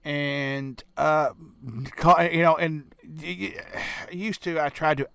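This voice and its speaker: A man's voice: fairly high pitch, fairly even intonation, slow pace, gravelly, fairly bright tone, clean tone, no room sound. A man with a Southern American accent reacting on his channel in casual commentary, blunt and profane, stumbling over restarts. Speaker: reaction video host.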